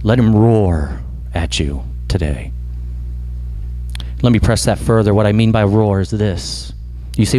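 A man preaching a sermon as pastor, impassioned, swinging from loud emphatic lines to slow hushed ones. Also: on the low side, dry recording.

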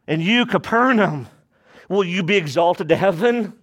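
A man preaching a sermon as a pastor, speaking emphatically, asking the congregation rhetorical questions and swinging between raised and hushed delivery. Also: high-pitched, expressive, measured pace.

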